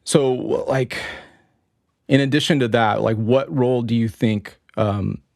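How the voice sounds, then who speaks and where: A man hosting a podcast interview, answering with brief affirmations and asking halting questions full of fillers. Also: medium pitch, gravelly, darkish tone, no room sound, clean studio sound. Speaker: podcast host. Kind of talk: interview host.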